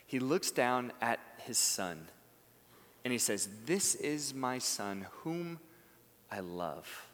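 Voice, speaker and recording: Earnest pastor preaching in a reverberant hall. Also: male voice, mid-range voice, big pitch swings, slow. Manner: earnest, building to emphatic peaks then dropping soft. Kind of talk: sermon.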